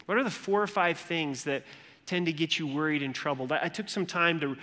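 A male pastor delivers a sermon in a bright, forceful voice that sits a little high. He is animated and humorous, slipping into the voices of the people in his story. The sound carries a long church-hall echo. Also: fairly quick.

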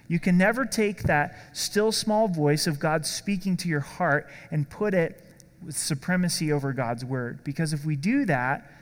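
A man's voice: a little high, in a large hall. A male pastor preaching a sermon in a conversational way, asking the congregation questions.

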